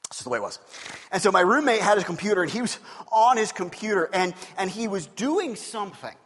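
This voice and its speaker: A middle-aged male pastor preaches with a high-pitched voice. He tells stories with lively swings between booming and hushed delivery. His voice carries a long reverb from a church hall. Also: fairly quick. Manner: animated storytelling, swinging between loud and quiet. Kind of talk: sermon.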